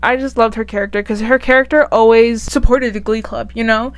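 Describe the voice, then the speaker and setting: A woman vlogger giving casual, chatty and animated commentary. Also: a little high, brisk. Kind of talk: casual tier-list commentary.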